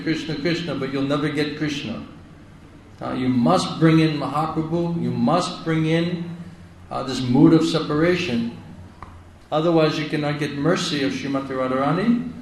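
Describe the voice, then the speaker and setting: A man's voice: on the high side, slight background noise. Emphatic man lecturing in an echoey hall. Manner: emphatic, repeats phrases, asks "isn't it?". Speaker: spiritual teacher. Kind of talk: devotional lecture. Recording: echoey hall, heard from a distance.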